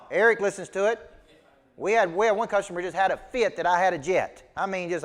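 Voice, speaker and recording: A man's voice: high voice, brisk, fairly bright tone, in a large hall. A man with a Southern US accent giving a live business coaching talk, emphatic and folksy, quizzing his audience. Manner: emphatic, folksy and preachy, asks the audience questions. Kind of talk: live motivational training talk.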